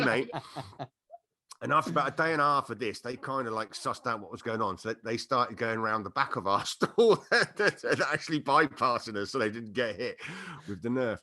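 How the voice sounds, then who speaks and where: A middle-aged man telling a funny story on a podcast, laughing and acting out quotes. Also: medium pitch. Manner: animated anecdote-telling with laughter and acted-out quotes. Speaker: podcast guest. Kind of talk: casual storytelling chat.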